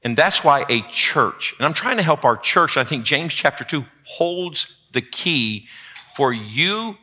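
Animated preacher man. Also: on the high side, a little slow. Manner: lively call-and-response preaching, addresses congregation as "y'all". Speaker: pastor. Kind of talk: sermon. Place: church sanctuary.

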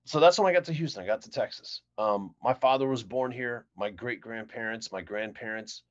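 A man's voice: lowish voice, brisk. Middle-aged male podcast guest on a muffled mic. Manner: relaxed storyteller, fillers like "um" and "uh". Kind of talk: casual interview storytelling.

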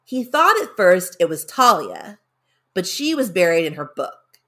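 A woman's voice: on the low side, sing-song, measured pace, pushed and bright. Woman telling a story casually. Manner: conversational, loose with tenses, dramatic emphasis.

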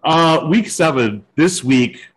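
A man's voice: on the high side, lively intonation, takes it slowly, poor audio. A man co-hosting a casual sports podcast, teasing his partner and laughing often. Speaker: co-host.

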